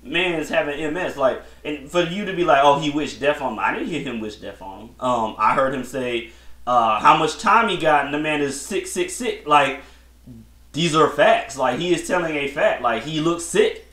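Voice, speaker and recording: A man's voice: a little high, lively intonation, normal speed, sharp tone. Blunt rambling man podcasting in echoey room. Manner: blunt, rambling, slangy, many restarts. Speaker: podcast host. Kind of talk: casual solo commentary.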